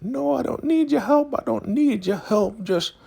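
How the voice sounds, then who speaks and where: A man putting on a shrill, indignant old woman's falsetto. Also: lively intonation, normal speed, gravelly, warm tone, slightly rough, full character voice. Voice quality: high falsetto. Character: scolding elderly woman cult leader.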